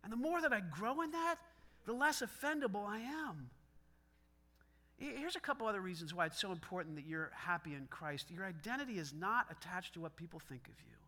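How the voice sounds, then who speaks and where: A middle-aged male pastor with a very high, sharply bright voice delivers a sermon in a loose, chatty style. His pitch swings widely as he animatedly acts out quick back-and-forth dialogue, often laughing along with his own stories.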